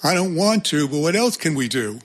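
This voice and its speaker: A man's voice: fairly high pitch, sing-song, moderate pace, pitched above the performer's own voice. A man reading as an earnest boy leader. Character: boy leader of a group of kids, protective.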